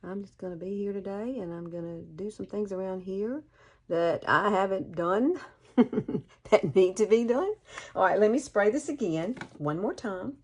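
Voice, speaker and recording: A beauty vlogger in her fifties from Alabama, USA, speaks with a Southern accent in a mid-range, slightly mellow voice at a measured pace. She chats in a folksy way through a makeup tutorial, calling the viewer "girl."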